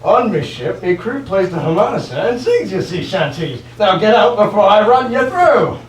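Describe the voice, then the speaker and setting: A man's voice: high voice, sing-song, normal speed, a little hiss or hum. A bossy young pirate prince voiced by a teenage boy barks orders in swooping pirate talk. The puppet play is heard from a distance in a roomy room. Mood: gruff. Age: teens. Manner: brusque pirate growl, bossy. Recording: roomy hall from far off.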